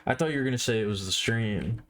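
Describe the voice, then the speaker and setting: A tired man chatting casually on a live art stream, with a slow, drowsy, stoner-like drawl. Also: mid-range voice, a bit bright.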